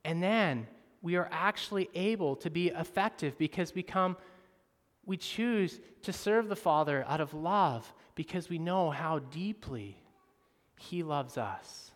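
Male pastor, high voice, long hall reverb, animated sermon delivery. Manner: animated, swings from soft and slow to loud and emphatic.

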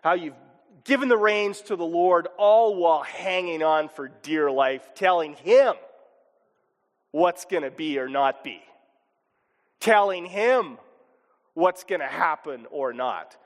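A man preaching a sermon as pastor, animated and expressive, sometimes chuckling and acting out voices. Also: fairly high pitch, unhurried, in a large hall.

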